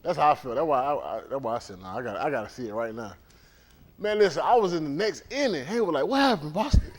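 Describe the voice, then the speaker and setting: Animated man joking with congregation. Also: medium pitch, quick pace. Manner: teasing, storytelling, animated. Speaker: congregation leader. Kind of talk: casual joking banter before a service. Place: indoor congregation hall.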